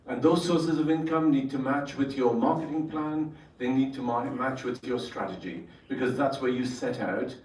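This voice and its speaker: A male trainer speaks to entrepreneurs at a workshop, drawing the room in with questions. His mid-pitched voice echoes around the space and sounds a little distant from the mic. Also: normal speed, hardly any pauses, darkish tone. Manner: engaging, asks the audience questions. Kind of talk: storytelling workshop talk to entrepreneurs.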